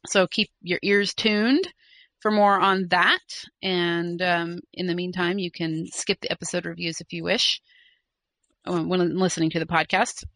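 A woman's voice: on the low side, fairly even intonation, a little slow, fairly bright tone, no echo. A woman co-hosting a podcast, chatting casually and reading listener mail, rambling with fillers and self-corrections. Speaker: podcast co-host.

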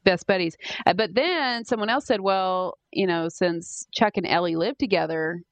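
A woman's voice: lowish voice, moderate pace, dry recording. A woman co-hosting a podcast in casual chat, chatty with many fillers and restarts. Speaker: podcast co-host.

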